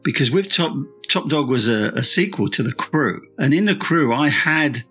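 A man's voice: mid-range voice, lively intonation, moderate pace, pushed and bright, husky, muffled recording, soft background music. A man, an author and screenwriter, tells stories in an interview, rambling through restarts and fillers and repeating his praise. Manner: rambling, with many restarts and "you know" fillers; enthusiastic, repeating words of praise. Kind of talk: candid interview storytelling.

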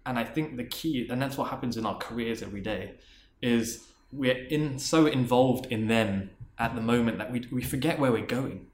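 A man's voice: mid-range voice, moderate pace, few pauses, roomy sound. A man, a marketing executive and interview guest, sharing a career story in an earnest, reflective way, often restarting and repeating words.

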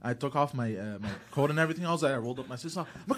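A man in his twenties in casual chat, telling a story and acting out both sides, with loud outbursts. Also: medium pitch, animated, rapid-fire. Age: 20s.

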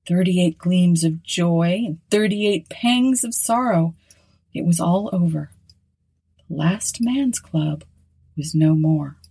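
A woman narrating an old story in a measured, solemn reading. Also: on the low side, warm tone, breathy edge, poor audio.

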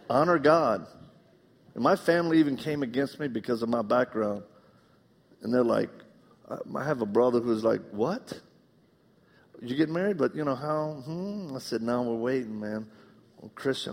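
A middle-aged man preaching a live sermon, animated and joking, acting out the voices in his stories. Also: mid-range voice, normal speed, creaky, long pauses. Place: church auditorium. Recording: long reverb of a large hall.

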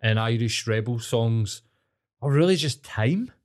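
A man's voice: medium pitch, unhurried. Sweary Glasgow man ranting on a podcast. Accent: Scottish, Glasgow. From Scotland. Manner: animated, swears constantly, rants. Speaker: podcast co-host. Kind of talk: casual sweary podcast chat.

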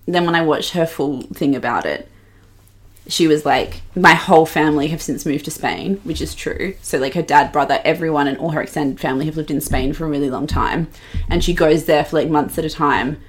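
A young woman with a low-pitched voice chats on a podcast. She gossips with animated, sweary energy, often slipping into mocking impressions of the people she discusses. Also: brisk. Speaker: podcast co-host. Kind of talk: casual gossip chat.

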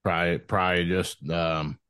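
A man in his thirties, a podcast guest telling his story in a rambling, profane, animated way, with many restarts. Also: low-pitched, normal speed, clean tone, no room sound. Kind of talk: casual storytelling interview.

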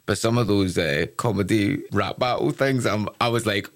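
A man's voice: lowish voice, moderate pace. A young Glaswegian man, a stand-up comedian guest, chatting casually on a podcast and acting out quotes as he tells his stories. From Scotland. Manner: animated storyteller, acts out quotes.

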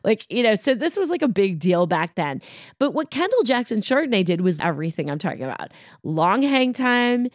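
A middle-aged woman hosting a wine podcast, explaining styles in a knowledgeable, opinionated way with quick asides. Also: mid-range voice, big pitch swings, no echo, clean studio sound. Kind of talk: casual explanatory chat.

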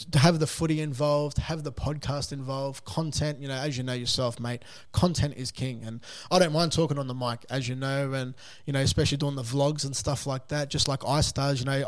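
An Australian man chatting as a podcast guest in a casual, slangy, laid-back storytelling way. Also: medium pitch. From South Sydney, Australia. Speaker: guest, coffee van owner and podcaster.

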